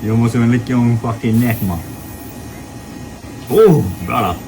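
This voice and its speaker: A man's voice: medium pitch, moderate pace. A man, joking with his mother in a casual home video, teasing, laughing often and swearing playfully. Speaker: vlogger caring for his mother. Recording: noisy home video ambience.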